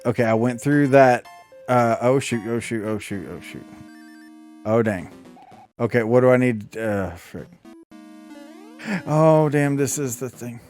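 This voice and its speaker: Excitable Southern man gaming. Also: medium pitch, measured pace, long pauses, faint music behind. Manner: excitable, swears and laughs often at his mistakes. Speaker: podcast co-host playing a video game. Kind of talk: casual gameplay chat.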